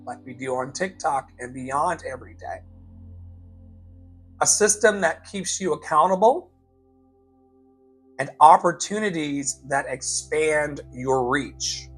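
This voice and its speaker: A man coaching his listeners in a live motivational talk, repeating key lines slowly for emphasis and calling them beloved. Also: on the high side, a bit bright, rough recording. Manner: emphatic, slow repetitions for effect. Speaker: life coach and show host.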